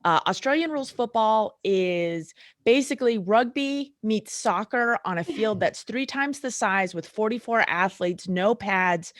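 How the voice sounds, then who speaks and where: Lively storytelling woman chiropractor, dry sound. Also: medium pitch, a little slow, dry recording. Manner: animated storyteller who acts out the people she describes. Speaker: sports chiropractor guest. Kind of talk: casual podcast conversation.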